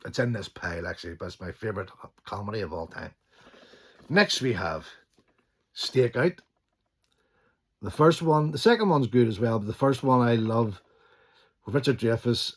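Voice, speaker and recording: A middle-aged man with a lowish voice talks through his favourite films in a loose, casual way. He is enthusiastic and swears freely. His sentences often drop into softer, trailing remarks. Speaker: channel host. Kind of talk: casual film collection chat.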